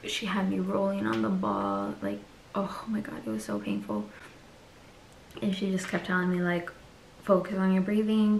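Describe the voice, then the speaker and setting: A woman's voice: fairly low pitch, reverberant, a little hiss or hum. A woman vlogger telling a personal story in a candid, chatty way and acting out the people she quotes.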